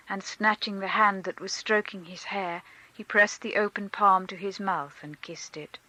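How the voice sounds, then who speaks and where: A woman reads a classic novel aloud at a calm, measured pace. Her voice is bright and clear, with a mid-range pitch. The narration is expressive but controlled. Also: no room sound, rough recording. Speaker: audiobook reader.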